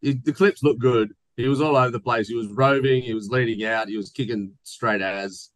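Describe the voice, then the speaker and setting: A man's voice: mid-range voice, brisk, no room sound, poor audio. A man co-hosting a podcast, chatting casually and joking while reading listener mail aloud. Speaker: podcast co-host. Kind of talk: casual chat.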